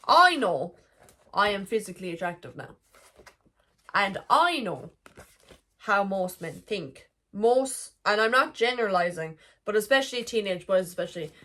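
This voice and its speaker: A woman's voice: mid-range voice, animated, a little slow, long pauses, fairly bright tone. A young woman vlogging a frank, emotional confessional monologue, swearing freely as she talks.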